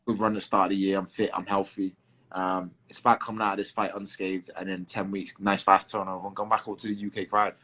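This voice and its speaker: A husky-voiced man with a London accent chats loosely as an interview guest. He swears casually, restarts his sentences and leans on "um" as he talks. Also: deep voice, flat delivery, quick pace, bright, forceful tone. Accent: English, London. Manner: chatty, swears, fills with "um" and restarts. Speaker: guest fighter.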